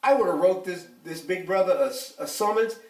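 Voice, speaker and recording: This older man's high-pitched voice runs a little fast as he speaks in a casual interview. He's a retired police officer, and he tells his stories bluntly, animatedly and emphatically, captured by a distant mic in an echoey room.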